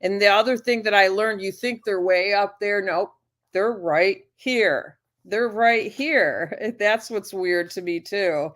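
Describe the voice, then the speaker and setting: A shy woman appears as a guest on a casual talk show. She speaks gently and haltingly, pauses often and restarts her phrases, and keeps a soft, earnest way of talking. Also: medium pitch.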